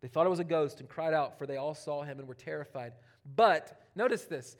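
Male pastor, higher voice, animated sermon delivery, casual asides, big swings between loud and soft. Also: fairly quick, few pauses. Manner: animated, swinging from loud emphatic preaching to quiet near-whispers; conversational, with casual asides and playful quoted voices.

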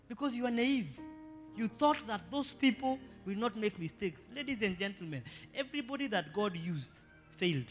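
A male pastor with a Kenyan accent preaching a sermon, building to shouted emphasis with playful Swahili asides. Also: high voice. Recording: live church sermon with long reverb and faint music.

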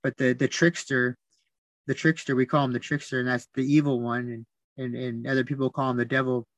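A man talking as a podcast guest, telling stories in a soft, reflective way, repeating words and restarting often. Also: medium pitch, level tone, fairly quick, no echo. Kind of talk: reflective storytelling.

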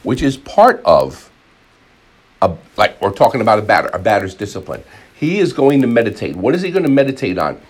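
A man's voice: fairly low pitch, fairly quick, breathy edge. A man preaching a sermon, rambling with frequent repeats and restarts, and acting out voices in his examples. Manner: animated, acts out crowd voices.

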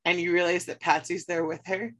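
A woman's voice: on the low side, level tone, brisk, fairly bright tone. A woman co-hosting a podcast in casual chat, laughing often and agreeing readily. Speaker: podcast co-host.

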